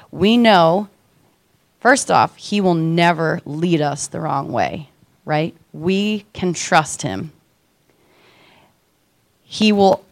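A woman in her thirties gives a devotional Bible talk in a chatty, friendly way, often tossing in "right?" Her voice sits a little low for a woman. The sound is dry and close, with no room around it. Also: slow, dry recording. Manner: conversational, often asks "right?". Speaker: Bible teacher. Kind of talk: casual devotional teaching.

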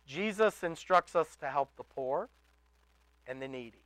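A man preaching a sermon in an emphatic way, building to loud exhortations and dropping to quiet asides. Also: fairly high pitch, expressive, a little slow, dry recording, low-quality recording. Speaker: pastor.

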